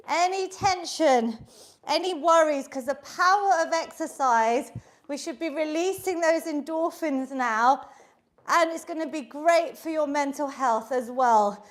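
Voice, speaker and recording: This fitness instructor has a high, slightly bright voice and leads an online exercise class over a video call setup. She's upbeat and encouraging, counting down reps, and a little out of breath from moving along as she exercises.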